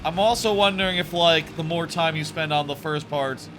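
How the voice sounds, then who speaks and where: Bright-voiced rambling male game streamer. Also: on the high side, normal speed, soft background music. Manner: rambling, thinks aloud with fillers. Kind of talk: casual gameplay commentary.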